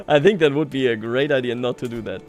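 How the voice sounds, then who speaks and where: A man livestreaming a strategy game, talking casually to his chat, self-mocking and chuckling often. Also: mid-range voice. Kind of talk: casual gameplay commentary.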